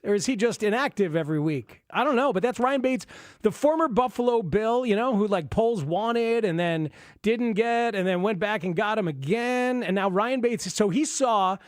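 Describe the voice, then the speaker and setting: A man hosting a sports talk radio show, chatting excitedly about football and taking calls. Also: very high voice, normal speed, no echo, clean studio sound.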